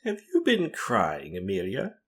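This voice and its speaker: A man voicing a cold, domineering older woman who speaks slowly and commandingly. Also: lowish voice, wildly swooping pitch, fairly bright tone, breathy edge, heavily acted.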